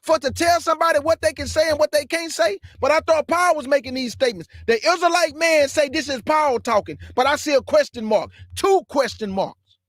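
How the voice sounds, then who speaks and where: High-voiced man preaching emphatically. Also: dry recording, clean studio sound. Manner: emphatic, fires rhetorical questions at listeners; reads scripture aloud slowly and deliberately. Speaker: online Bible teacher. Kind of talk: preaching Bible commentary.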